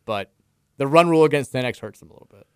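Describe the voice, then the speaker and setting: Smooth-voiced man on sports radio. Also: mid-range voice, fast talker, no room sound, studio quality. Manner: relaxed, self-deprecating storytelling about family. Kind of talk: casual sports radio banter. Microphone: studio microphone.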